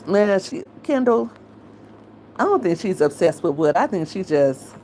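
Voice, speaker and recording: A low-voiced middle-aged woman, opinionated and blunt, talking casually straight into the mic. Her tone is frank and conversational. There is a faint hiss of noise under her voice. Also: big pitch swings, unhurried, warm tone, rough recording. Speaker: commentary channel host.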